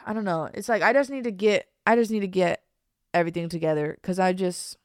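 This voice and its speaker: A woman's voice: lowish voice, moderate pace, a little mellow, no room sound, studio quality. A young woman hosting her own podcast in a casual, confessional chat that rambles with repeated restarts and casual slang. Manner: rambling, fillers and restarts, says "bro". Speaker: podcast host.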